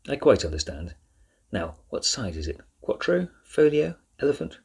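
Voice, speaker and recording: A man voicing a calm, shrewd professor and collector who questions smoothly and dryly. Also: on the low side, a little slow, heavily acted. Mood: calm, probing.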